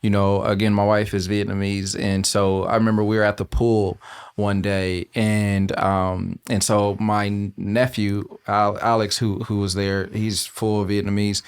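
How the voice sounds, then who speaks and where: A man, a father, telling a personal story in a casual podcast chat, earnest and a bit halting. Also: lowish voice, level tone, clear, resonant tone.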